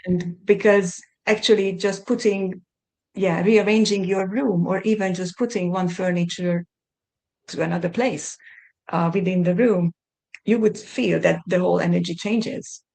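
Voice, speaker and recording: A middle-aged woman from Hungary with a Hungarian accent, a podcast guest talking thoughtfully and often pausing to find her words. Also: on the low side, fairly even intonation, creaky, a little mellow. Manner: thoughtful, searching for words with many restarts. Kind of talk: conversational interview.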